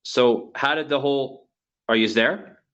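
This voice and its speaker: A man from Manhattan hosting a casual podcast interview, talking haltingly with many fillers and repeated words. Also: mid-range voice, a bit bright, smooth, dull audio. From Lower East Side of Manhattan, New York. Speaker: podcast host.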